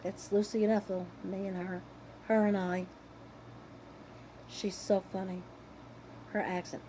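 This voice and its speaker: An older woman talks casually to her viewers, drifting from one tangent to the next. Her voice is mellow and relaxed at an ordinary middle pitch. A faint room noise sits behind her. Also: measured pace, long pauses, low-quality recording. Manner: rambling, chatty, with restarts and tangents. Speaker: vlogger. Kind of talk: casual chat to camera.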